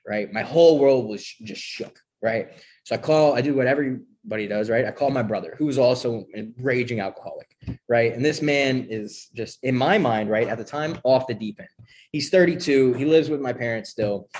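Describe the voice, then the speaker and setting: A young man candidly telling his recovery story in a profane, animated way, often checking in with "right?". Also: medium pitch, moderate pace, slight background noise.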